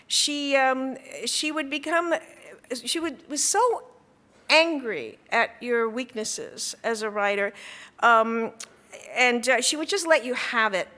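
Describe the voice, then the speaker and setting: A woman's voice: fairly high pitch, pushed and bright. A woman author telling stories from her writing life, stopping often to restart her sentences between fillers. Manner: halting, many restarts and fillers. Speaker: author speaking at an event. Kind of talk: talk. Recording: long hall reverb.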